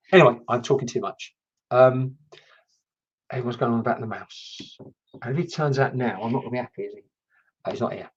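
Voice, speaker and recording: A man's voice: mid-range voice, husky. Rambling man on a dull stream. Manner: rambling, chatty, reacts to comments. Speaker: spiritual medium. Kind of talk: casual livestream chat.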